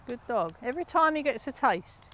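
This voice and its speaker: A woman from the United Kingdom teaching a dog training class, giving brisk, encouraging commands with lively inflection. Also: sits high.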